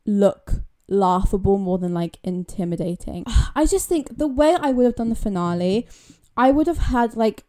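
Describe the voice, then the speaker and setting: With a mellow, medium-pitched voice, a young British YouTuber chats informally to viewers in a commentary vlog. She's emphatic and talkative, and she repeats words to stress them.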